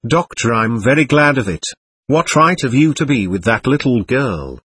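A man's voice: mid-range voice, big pitch swings, normal speed, a bit bright, husky. A man reading the part of a doctor who questions spirits in a firm, patient manner, in an audiobook. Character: calm, firm male doctor guiding spirits.

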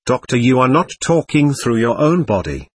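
A calm male doctor explaining things patiently to a lost spirit, read aloud by a man. His voice is husky, with a lively, varied pitch, and sounds dry and close. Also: moderate pace, dry recording. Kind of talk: reading a séance transcript aloud.

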